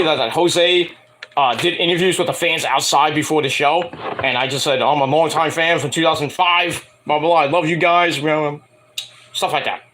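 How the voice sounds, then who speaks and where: A man rambling casually to camera, swearing freely and acting out quoted people in higher voices. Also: slight background noise. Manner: animated, profane, acts out quotes in higher voices. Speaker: wrestling and music vlogger.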